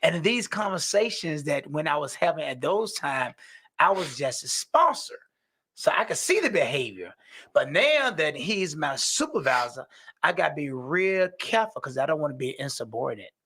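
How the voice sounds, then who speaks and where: A man's voice: a little high, very animated, moderate pace, bright, forceful tone, slightly rough. A man talking earnestly and animatedly about recovery as a peer worker and sponsor, often saying "you know". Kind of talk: casual conversation.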